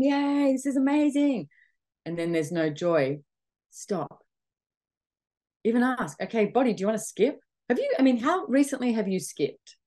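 Speaking in a fairly low pitch, this podcast host is a middle-aged woman from Australia. She delivers a motivational talk to an audience, animated and conversational, peppering it with quoted self-talk.

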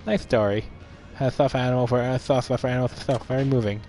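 A man's voice: mid-range voice, fairly even intonation, fast talker, few pauses, dark tone, soft background music. A young man streaming a game, reading its dialogue aloud playfully and commenting between lines with laughs.

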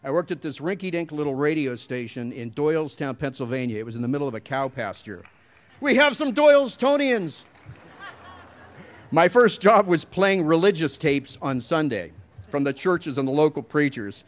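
A man's voice: mid-range voice, fairly quick. A middle-aged man giving a commencement speech, telling wry, self-deprecating stories at a podium mic. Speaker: commencement speaker.

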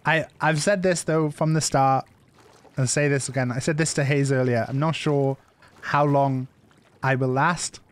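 A man's voice: mid-range voice, steady tone, measured pace. A man streaming a survival game, chatting loosely and repeating himself as he plays. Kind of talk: live gameplay commentary.

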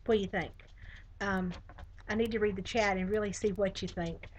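A woman's voice: medium pitch, steady tone, normal speed, a little hiss or hum, low-quality recording. A woman with a Southern US accent, chatting casually through a live craft tutorial with many fillers. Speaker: craft demonstrator.

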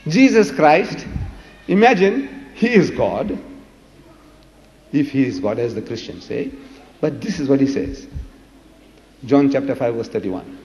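A man's voice: mid-range voice, very animated, unhurried, long pauses, a little mellow, in a large hall. A man giving a public debate speech, retelling scripture dramatically and acting out the quotes.

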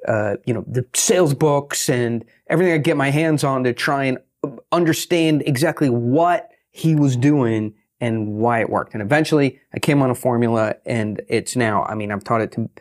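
A man who is a guest on an interview show, telling lively stories and acting out what others said. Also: medium pitch, normal speed. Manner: animated, acts out quotes. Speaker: guest, pitching author. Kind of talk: storytelling interview talk.

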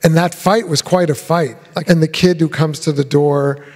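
A man's voice: a little high, normal speed. A man, a film director, telling rambling anecdotes in a festival Q&A and acting out the voices of people he quotes. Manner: animated storyteller who acts out quoted voices. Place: live Q&A on a theater stage. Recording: long hall reverb.

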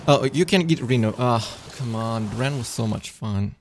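Gravelly excitable man commentating a game. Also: normal speed, few pauses, faint music behind. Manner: excitable, talks to himself and the game, jumps into squeaky highs. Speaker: streamer. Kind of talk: casual gameplay commentary.

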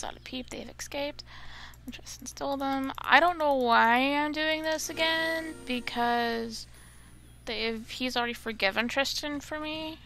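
A young woman gamer talking her way through a play session in a slow, gravelly voice. She grumbles and gets exasperated easily, chatting casually to herself, with a bright, fairly high tone. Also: slight background noise. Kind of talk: casual gameplay commentary.

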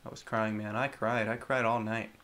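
A young man giving casual, joking commentary on a horror game, chatting to the characters and breaking into loud yelps. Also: lowish voice, flat delivery, normal speed. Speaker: gameplay commentator.

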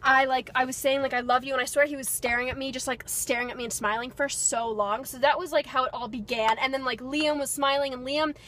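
A young woman vlogger excitedly telling a story, gushing and breathless with lots of fillers. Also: high voice, fairly quick, hardly any pauses, a little hiss or hum. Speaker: beauty vlogger.

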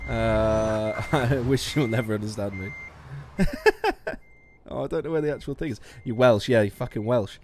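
On a casual trucking-game stream, a man chats with viewers, swears, and laughs at his own errors. His voice is lowish and darkish at a moderate pace, with a little hiss or hum from his studio musician mic.

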